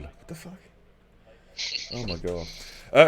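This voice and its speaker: Rowdy, banter-heavy race caster. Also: male voice, mid-range voice, fairly quick, husky. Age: middle-aged. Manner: loud excitable hype with cheeky banter. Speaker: sim racing commentator and stream host. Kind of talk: live esports race commentary.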